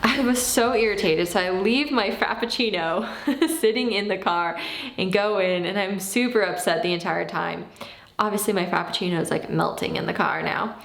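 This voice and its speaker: A woman's voice: medium pitch, normal speed, gravelly. Chatty woman in an echoey room. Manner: animated, acts out her own past lines. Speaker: vlogger. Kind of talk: casual storytelling.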